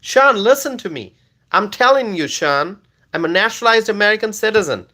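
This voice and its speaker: Lively, high-pitched livestream host man. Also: brisk. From Bangladesh. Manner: animated, repeats questions, laughs often. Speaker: livestream host reading chat. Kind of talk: live stream chat reading.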